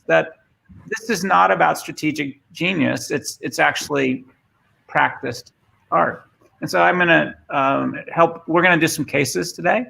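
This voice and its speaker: Gravelly man with a Boston accent. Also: fairly high pitch, sharp tone. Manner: conversational, repeats words when starting sentences. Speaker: guest speaker. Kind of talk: remote conference talk.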